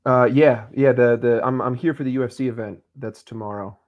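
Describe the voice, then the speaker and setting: A man calls into a stream from a hotel room, relaxed and casual. He often stumbles and restarts his sentences. His voice sits at an ordinary middle pitch. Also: fairly quick, muffled recording. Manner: stumbling restarts, laid-back. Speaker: guest. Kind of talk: casual chat. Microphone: video call stream.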